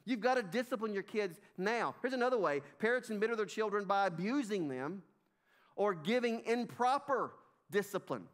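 A middle-aged pastor with a Southern US accent preaches in a church sanctuary, emphatic and repetitive, calling his congregation "folks." His voice is high-pitched and lively in intonation, at a moderate pace.

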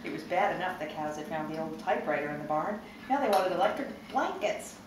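A woman reading a picture book aloud to children in an animated way, stopping to quiz her listeners. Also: on the low side, fast talker. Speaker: storybook reader. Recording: roomy, distant, noisy camera mic.

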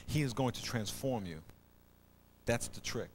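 A middle-aged man preaches a sermon in a folksy, storytelling way, building to loud emphatic bursts. His voice sits in a middle pitch, and the church recording carries a faint background noise. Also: unhurried. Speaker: pastor. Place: church auditorium.

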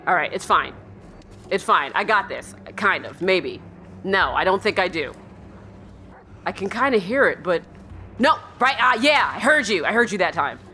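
A woman with a bright, clear voice narrates her own horror game playthrough. Her pitch swings widely, from sudden high yelps to low muttering. Faint music plays behind her. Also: animated, normal speed, long pauses. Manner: jumpy, yelps and shrieks, then drops to a hushed mutter; talks to her in-game dog. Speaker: let's play streamer. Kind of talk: horror game let's play commentary.

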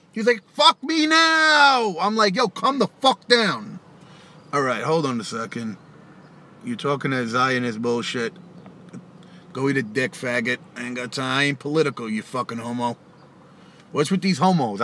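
Swaggering profane man, bright forceful voice, live-stream rant, taunting and laughing. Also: a little high. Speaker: rapper hosting a live stream. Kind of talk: casual live-stream rant answering chat.

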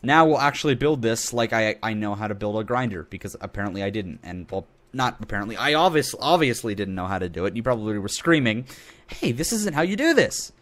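A man's voice: fairly low pitch, fast, few pauses, a bit bright. A young man hosting a casual game video, rambling and joking as he corrects himself mid-sentence. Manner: rambling, self-correcting, jokey. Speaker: gaming channel host.

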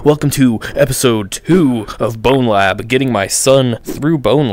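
A young man giving playful, excitable commentary while playing a VR game. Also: medium pitch, measured pace, few pauses, a little hiss or hum. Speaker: gaming YouTuber. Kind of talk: VR gameplay commentary.

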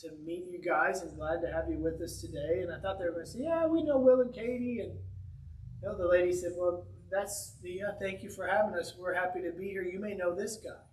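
A man, a pastor, telling a story in a sermon with an animated, conversational, humorous delivery in a church. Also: sits high, brisk, roomy sound, far from the mic, a little hiss or hum. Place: church sanctuary.

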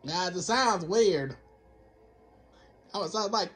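Man, high-pitched and unhurried, casual game commentary, rambling self-talk with a Dracula-like slant he keeps trying to shake. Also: animated, a bit bright. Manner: keeps drifting into a Count Dracula-style voice and scolding himself for it. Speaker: gameplay commentator. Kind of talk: casual let's-play commentary.

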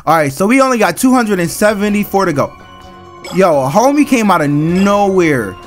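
A man narrating his own horror game playthrough in loose, slangy talk, breaking into screams whenever something jumps out. His pitch swings widely. Game music plays faintly underneath. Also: normal speed. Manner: excitable, screams at jump scares, slangy banter with the game. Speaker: gaming channel host. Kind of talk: let's-play commentary.

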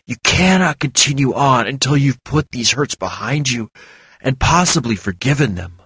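A man's voice: medium pitch, expressive, moderate pace, fairly bright tone, breathy edge, no echo. A man reading the part of an earnest, intense young man who speaks with insistent care. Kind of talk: audiobook character reading.

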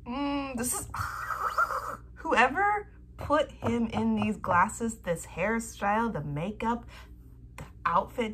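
A young woman vlogging an excited unboxing from home, gasping and squealing over fan merchandise. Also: medium pitch, a little hiss or hum.

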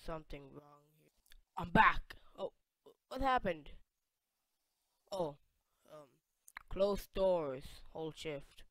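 A let's play gamer giving casual gameplay commentary, excitable, reading on-screen text aloud and breaking into sudden loud yelps. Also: mid-range voice, takes it slowly, pauses often, no echo, clean studio sound.

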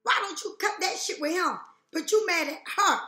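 Talking to her viewers during a tarot reading, a woman is blunt and profane, rattling off rhetorical questions. She has a very high, pushed, bright voice at normal speed, recorded in an echoey room.

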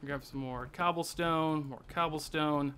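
A young man hosting a multiplayer game session, stammering and rambling as he plans out loud. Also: a little high, fairly even intonation, unhurried, slight background noise. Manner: stammering, thinks aloud while planning. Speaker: let's play host. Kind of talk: casual gaming chat.

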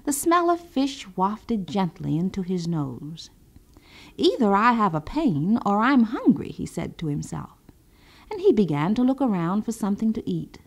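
A woman storyteller reading a folk tale aloud, with an expressive, animated delivery. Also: medium pitch.

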